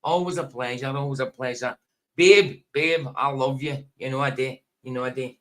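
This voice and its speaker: A man's voice: medium pitch, fairly even intonation, normal speed. A man chatting casually to viewers as host of a live stream, repeating his friendly greetings. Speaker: livestream host.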